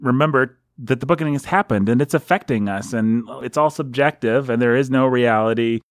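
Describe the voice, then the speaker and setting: A man's voice: medium pitch, a little fast, no room sound, clean studio sound. Playful man hosting a book podcast. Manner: playful, teasing, digressive. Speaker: podcast host. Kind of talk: casual book chat.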